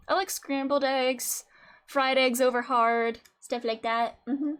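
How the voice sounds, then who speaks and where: A woman streams a video game with casual commentary, laughing often and swearing freely over faint game music. Her voice is high with lively intonation, slow, and broken by long pauses.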